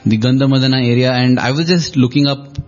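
A man in a relaxed spiritual discussion, retelling a story and explaining its lesson in a reflective way. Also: medium pitch, quick pace, faint music behind. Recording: dull lo-fi recording.

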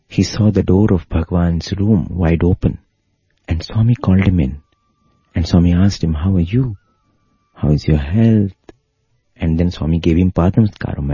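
A man's voice: low voice, warm tone, breathy edge, no room sound. A man narrating a devotional story in an earnest manner, heard through a dull, lo-fi recording. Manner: earnest, rising to emotional intensity in retold pleas.

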